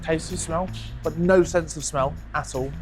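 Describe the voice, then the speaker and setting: A man with a nasal, croaky voice that sounds like he has a cold, hosting a scrapyard vlog in quick, jokey casual chat outdoors. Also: fairly high pitch, fairly even intonation. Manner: fast-talking, jokey. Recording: music playing under the voice.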